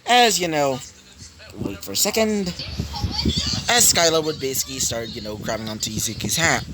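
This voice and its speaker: A man's voice: mid-range voice, normal speed, a crowd in the background. Rambling man improvising a fan story. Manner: rambling, many fillers and self-corrections. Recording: noisy home recording.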